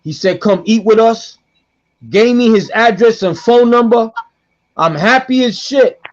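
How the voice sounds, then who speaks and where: A middle-aged man tells a story on a podcast, keeping it lively and playing every voice in it himself. His voice sits high for a man, and the recording sounds dull and lo-fi. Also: measured pace. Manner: animated, acts out quoted voices, repeats himself. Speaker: guest storyteller.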